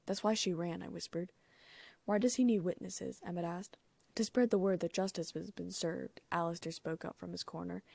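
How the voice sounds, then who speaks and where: Gravelly low woman reading an audiobook. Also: warm tone, no echo. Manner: reads all characters in her own voice, with small lifts for dialogue. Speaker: audiobook narrator. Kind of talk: first-person audiobook reading of fan fiction.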